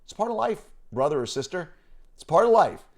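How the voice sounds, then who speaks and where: A man's voice: high-pitched, sing-song, brisk. A middle-aged man hosting a short motivational podcast, talking emphatically and conversationally, often tagging points with "right?". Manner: emphatic, conversational, punches words with rhetorical "right?". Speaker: podcast host. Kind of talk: motivational talk.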